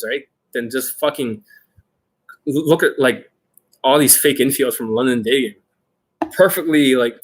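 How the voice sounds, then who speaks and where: A man's voice: medium pitch, fairly bright tone. A man hosting an unscripted coaching Q&A, talking in a blunt, aggressive and profane way. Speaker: dating coach host.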